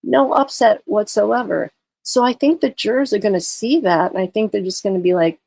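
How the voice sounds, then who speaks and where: A woman's voice: mid-range voice, steady tone, normal speed, vocal fry, darkish tone, no room sound. A tired woman livestreaming in casual chat, talking through a case and greeting her viewers. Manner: chatty, greets viewers, many fillers. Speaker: true crime livestreamer.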